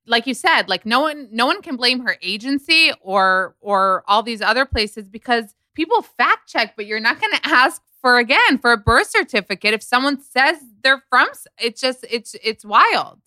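A woman podcast host chatting casually, her voice bright and smooth. She talks emphatically, full of quick asides, and the sound is dry and close. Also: on the high side, very animated, no echo. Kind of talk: casual chat.

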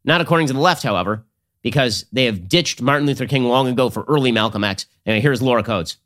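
A man hosting a political commentary show, arguing in a rapid, sardonic way. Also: medium pitch, a bit bright. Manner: rapid, sardonic, argumentative delivery. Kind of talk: fast political commentary and read ad.

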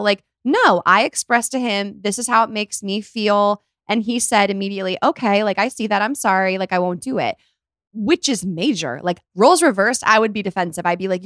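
A young woman hosts a casual podcast and tells her stories with animated energy, jumping into little acted-out quotes. Her voice sits at a middle pitch and sounds close and dry. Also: normal speed, dry recording. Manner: animated storyteller who acts out quotes. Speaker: podcast host. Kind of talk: casual chat.

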